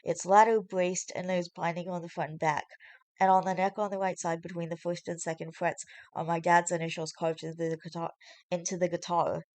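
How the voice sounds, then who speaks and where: A woman's voice: fairly low pitch, level tone, brisk, a little mellow, no echo, close to an everyday voice. A woman voicing an angry, protective young man in a storybook reading, heated and snapping. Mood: urgent.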